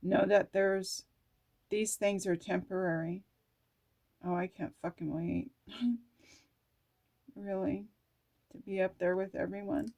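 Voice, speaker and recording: A woman with a mid-range, darkish voice reads oracle cards and her own journal notes aloud in a steady tone, slowly and with frequent pauses. The talk is personal and reflective, emotional and musing, with occasional casual swearing.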